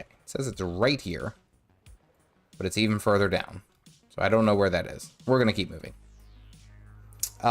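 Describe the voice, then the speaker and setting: A man streaming a video game in a casual, rambling way, correcting himself and humming to himself, with a sore, cracking throat. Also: on the low side. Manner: rambling, self-correcting, hums and sings nonsense to himself. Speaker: gaming streamer. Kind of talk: casual live-stream commentary while playing.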